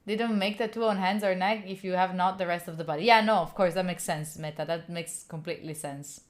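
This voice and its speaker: A woman's voice: on the low side, steady tone, a little fast. A woman whose first language is Italian, chatting casually and playfully to her stream viewers, rambling and laughing at herself. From Italy. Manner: rambling, playful, self-mocking, laughs often. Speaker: study streamer. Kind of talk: casual live-stream chat.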